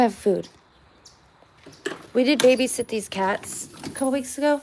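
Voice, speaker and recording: A woman's voice: a little high, measured pace, dark tone, a little hiss or hum. A woman vlogging casually, coaxing a stray cat in a sing-song voice and musing aloud between calls. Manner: chatty musing asides. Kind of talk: casual vlog, talking to a cat. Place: outdoors on a back porch.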